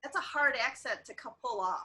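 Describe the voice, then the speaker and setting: A woman's voice: sits high, fairly quick. A woman co-hosting a casual interview, asking eager questions and laughing often. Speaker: co-host. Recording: crowd chatter behind.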